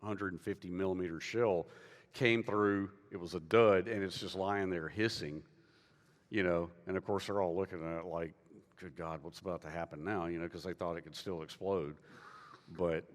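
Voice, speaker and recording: A man's voice: sits low, fairly even intonation, moderate pace. A male author telling a war story in a loose, conversational way, full of fillers and restarts. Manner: rambling, many fillers and restarts. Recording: long reverb of a hall.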